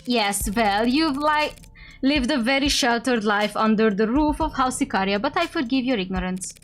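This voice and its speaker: A woman voicing a brash, sarcastic lawyer in a visual novel, wry and bossy, lines read aloud at a quick clip. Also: a little high, soft background music, lightly acted. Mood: teasing.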